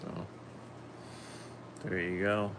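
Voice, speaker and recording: A man hosting a casual livestream, chatting to viewers and reading their comments while a little sick, talking in a slow, rambling way and trailing off. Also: deep voice, little pitch movement, vocal fry, background noise. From Philadelphia. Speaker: livestream host.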